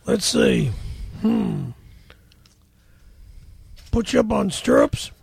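A man's voice: fairly high pitch, vocal fry, darkish tone, husky, dry recording, voice pushed down, full character voice. A man voicing a crude Texan corn oil tycoon who stammers and drawls. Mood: fumbling.

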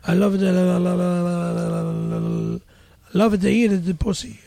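A man's voice: sits high, very animated, a little fast, creaky, mellow, no echo, voice pushed down, full character voice. A man voicing a crude Texan corn oil tycoon who stammers and drawls. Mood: leering.

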